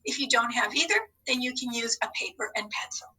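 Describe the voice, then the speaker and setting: A woman teacher gives a recorded spelling lesson to young students, upbeat and encouraging, speaking slowly and deliberately. Her voice is a little high, bright and forceful, though she's far from the mic in a low-quality recording.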